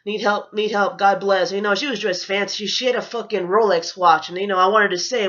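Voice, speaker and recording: A woman's voice: medium pitch, steady tone, fairly quick, few pauses, fairly bright tone, muffled recording. A woman telling a storytime rant as a vlogger, rambling, profane and indignant, with lots of "you know" fillers.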